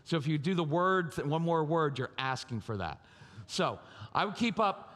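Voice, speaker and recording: A man giving a parenting talk at a live conference, animated and theatrical, acting out scenes and quizzing the audience. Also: on the high side, moderate pace. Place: large church conference hall. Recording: long hall reverb from a live venue.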